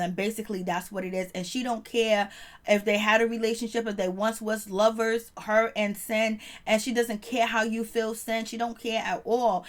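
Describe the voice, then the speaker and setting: A woman hosting a casual reality TV recap vlog, telling it in a slangy, laid-back way with quick laughs. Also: a little high, level tone.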